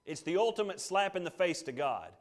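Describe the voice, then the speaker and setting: A man's voice: high-pitched, big pitch swings, fairly quick. A man preaching a sermon, telling the story dramatically and acting out its quotes. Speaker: pastor.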